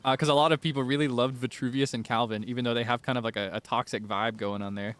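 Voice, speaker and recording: A man chatting and thinking out loud as he plays a game on a livestream, often giggling. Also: medium pitch, fairly even intonation, fast talker. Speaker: streamer. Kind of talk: casual gaming livestream commentary.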